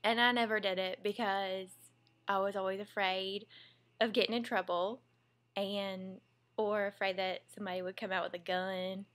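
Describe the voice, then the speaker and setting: A woman's voice: medium pitch, level tone, moderate pace, fairly bright tone. A young woman with a Southern US accent, a mom and former teacher, chatting in a casual home vlog and reading off a word list. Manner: chatty and giggly, drawling asides.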